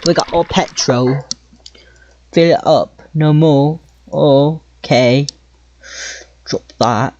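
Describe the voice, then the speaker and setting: A man's voice: a little high, drawn-out words, pauses often, a little mellow, dull audio, slight background noise. A man giving casual gameplay commentary, muttering to himself while he plays. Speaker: gameplay video host.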